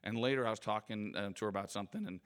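A man's voice: fairly low pitch, very fast, fairly bright tone, clear, resonant tone. A man giving an anecdotal motivational talk in front of a live audience, in a conversational, self-deprecating storytelling manner. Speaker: guest speaker.

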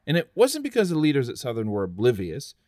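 A man's voice: medium pitch, wildly swooping pitch, fast talker, darkish tone, dry recording, studio quality. A man hosting a history podcast, narrating in an earnest, conversational way with chatty asides. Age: adult, after college. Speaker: podcast host.

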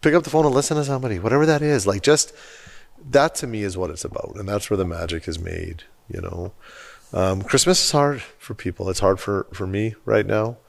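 A man's voice: lowish voice, fairly quick, gravelly. A man hosting a podcast, talking in an earnest and emphatic way in casual conversation. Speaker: podcast host.

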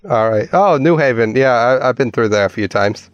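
A man voicing a scruffy male zombie-hunting adventurer, talking casually and haltingly in a put-on accent. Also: medium pitch, lively intonation, clean tone, muffled recording, close to an everyday voice. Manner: casual, hesitant, full of "uh"s.

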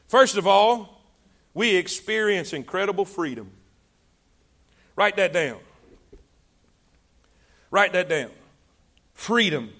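With a high, ringing voice that has a bright, sharp edge, a pastor delivers his sermon and urges the congregation to echo his words back. For emphasis, he pushes forcefully on important words before falling to a low, soft tone.

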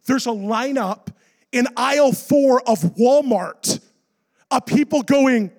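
A male pastor preaches to a congregation with a high, lively voice. He tells his story animatedly and climbs to near-shouts at its dramatic moments. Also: slow. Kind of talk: sermon storytelling.

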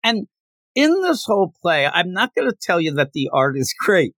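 A man retells a manga plot in an animated, restless way, his voice pitched a bit high and swinging widely. He chats casually as a podcast host, with dry, close sound. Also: moderate pace, no room sound. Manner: animated storytelling with many restarts. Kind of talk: casual manga review chat.

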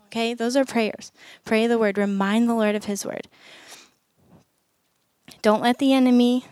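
A woman's voice: on the high side, no room sound. Woman preaching to moms and dads, earnest and chatty, dry close sound. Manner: earnest, conversational, acts out short prayers. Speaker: women's ministry speaker. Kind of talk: sermon talk to parents.

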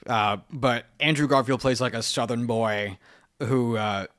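A man's voice: medium pitch, measured pace, a bit bright. A man co-hosting a casual film podcast, talking animatedly, swearing freely and acting out lines from the movies. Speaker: podcast co-host.

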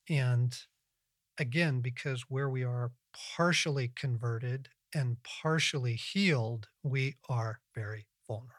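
A middle-aged man teaches in a relaxed conversational way on a Christian podcast, earnest and reflective, sometimes breaking into animated bursts. His voice sits at an ordinary pitch. It comes across dry and close, with no room sound. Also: a little slow, pauses often, no room sound. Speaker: podcast host and Christian author.

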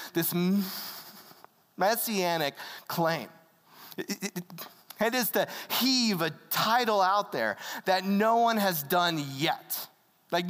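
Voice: mid-range voice, fairly bright tone. A preacher giving a sermon in a casual, conversational storytelling manner, acting out quoted voices. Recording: long hall reverb.

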